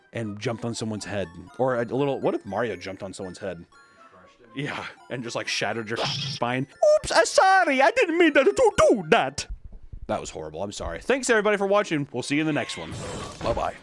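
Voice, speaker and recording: A man's voice: mid-range voice, lively intonation, fairly quick, fairly bright tone, faint music behind. A man reading a list aloud and riffing on it with casual, joking commentary, swearing and breaking into silly voices. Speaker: YouTube commentator.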